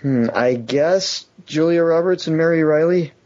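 A man's voice: fairly high pitch, unhurried. A man on a casual chat panel, joking animatedly about things that scared him. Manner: animated, jokey storyteller. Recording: dull lo-fi audio.

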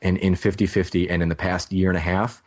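A man co-hosting a casual movie review podcast, talking in an animated, rambling way and breaking off his own sentences. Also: low-pitched, fast talker. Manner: animated, rambling, self-interrupting. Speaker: podcast co-host.

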